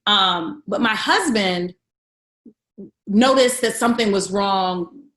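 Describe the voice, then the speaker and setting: A woman, a guest comedian, telling a candid personal story in a chat, acting out the voices of the people in it and swinging between hushed and loud. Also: mid-range voice, slow pace, reverberant.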